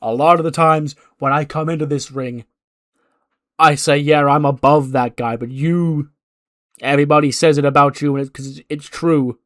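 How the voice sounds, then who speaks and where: A man's voice: fairly high pitch, dry recording, studio quality, close to an everyday voice. A man voicing a cocky male pro wrestler, reading a boastful, taunting promo.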